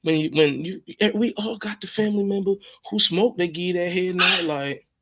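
A man hosting a podcast, telling funny stories in a casual, animated, slangy way and repeating phrases for effect. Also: high-pitched, fairly quick. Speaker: podcast host. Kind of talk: casual comedic storytelling.

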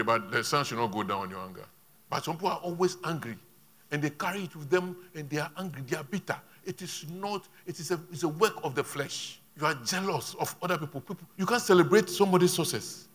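A male pastor, preaching a sermon with emphatic rises and quiet asides. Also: on the high side.

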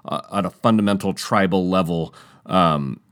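A man recounts something that happened to him at normal speed, the studio recording clean with no room sound. Animated and rambling, he restarts often, uses fillers, and jumps to high voices to quote the other people involved.

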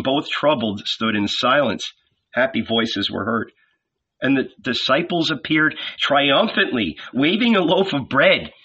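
A man narrating an audiobook in a measured, expressive reading. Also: fairly high pitch, slightly rough. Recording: lo-fi dull audio.

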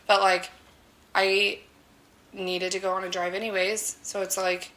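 A woman's voice: medium pitch, level tone, unhurried, fairly bright tone, low-quality recording. A woman in her thirties co-hosting a podcast, talking loosely with lots of fillers and swearing. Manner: loose, rambling, swears often, many fillers. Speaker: podcast co-host. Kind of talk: casual podcast chat.

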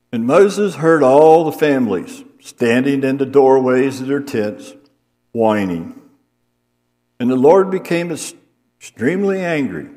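A man's voice: mid-range voice, mellow, big-room sound. A man preaching an evening sermon in a homely, plain way, reading scripture aloud and explaining it as he goes.

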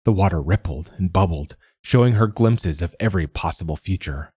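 A male audiobook narrator reads a fantasy story with measured pacing. His voice sits low and husky, with a close, dead, booth-dry sound. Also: dark tone, no echo. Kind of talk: scripted narration.

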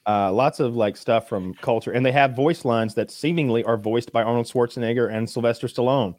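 A man's voice: mid-range voice, a little fast, darkish tone, no room sound. A man chatting casually as a podcast co-host, rambling with lots of fillers and some swearing. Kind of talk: casual chat.

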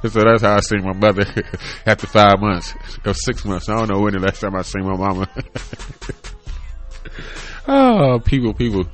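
Low-voiced profane podcast man, laughing rants. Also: normal speed, pauses often, soft background music. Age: 30s. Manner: loose and profane, laughs often, swings from low mumbles to loud excited bursts. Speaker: podcast host. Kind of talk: casual solo podcast rant. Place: bedroom home setup.

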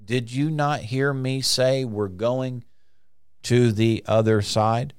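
A man preaching a conversational sermon, now and then acting out frantic voices in sudden high bursts. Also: steady tone, takes it slowly, smooth, dry recording, studio quality.

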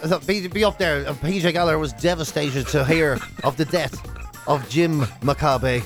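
A man's voice: fairly high pitch, moderate pace, soft background music. A middle-aged Irish man co-hosting a radio podcast, bantering and mocking himself. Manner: jokey, self-mocking, laughing often. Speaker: radio co-host.

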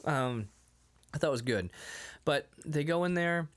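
Animated man recapping a movie. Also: on the high side, measured pace. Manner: animated, acts out movie lines, laughs often. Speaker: podcast co-host. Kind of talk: casual movie recap chat.

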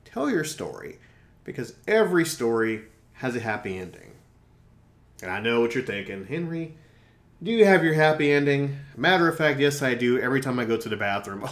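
A man's voice: medium pitch, lightly acted. A man playing Henry, a boastful fox host. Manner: rambling, self-mocking, joking asides. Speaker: podcast host. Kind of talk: comedic improvised monologue.

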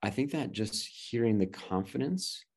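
A man's voice: lowish voice, lively intonation, a little slow, darkish tone, slightly rough. A man in his thirties telling a personal story in casual chat, rambling with restarts and acted-out quotes. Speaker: guest adoptive father.

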